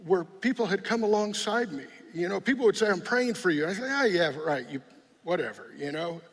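A middle-aged man from San Jose tells his testimony in an earnest, plainspoken way. His voice sits a little high, with gravel and a husky edge. It rings out in a hall with long reverb. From San Jose, California. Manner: earnest, plainspoken, with frequent restarts. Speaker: guest giving testimony. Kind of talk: personal testimony.

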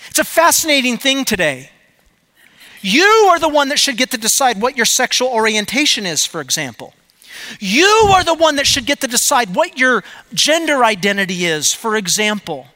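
A man preaching with a high, bright voice. He is middle-aged, and he swings from loud, emphatic urging to soft, confiding storytelling. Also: very animated, normal speed. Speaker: pastor. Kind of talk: sermon.

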